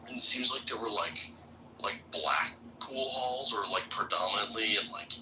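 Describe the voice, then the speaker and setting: A man's voice: fairly low pitch, moderate pace, noisy background. A man from Florida in casual live-stream chat, loose and profane with many filler words.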